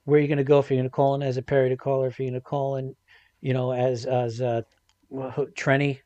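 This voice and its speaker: A man co-hosting a casual podcast, speaking haltingly with repeated restarts. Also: medium pitch, level tone, mellow, no room sound.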